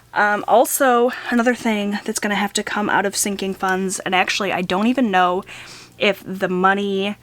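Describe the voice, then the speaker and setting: Chatty woman musing over her budget. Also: medium pitch. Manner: chatty and musing, thinks out loud with hesitations. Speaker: budgeting vlogger. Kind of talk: casual talk while logging expenses.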